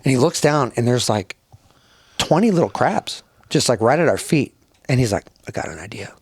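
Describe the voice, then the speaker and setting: A man guesting on a podcast, telling a story in casual chat, animated and profane, often laughing as he goes. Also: mid-range voice, normal speed, husky, no room sound. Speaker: podcast guest, former Navy bomb disposal tech. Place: podcast studio.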